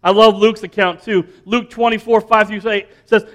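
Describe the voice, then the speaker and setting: A higher-pitched man preaches an Easter-style sermon with emphatic, repetitive rhythms. He sounds like a pastor in his thirties speaking to a congregation. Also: fairly even intonation, normal speed, few pauses, a bit bright. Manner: emphatic, repeats words when building up.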